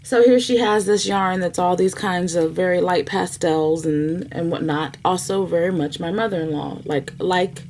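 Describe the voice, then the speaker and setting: A woman's voice: lowish voice, moderate pace, hardly any pauses, a little hiss or hum. A woman hosting a knitting podcast, chatting casually to camera with lots of laughter. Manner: chatty, animated, laughs often. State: emotional, near tears at times.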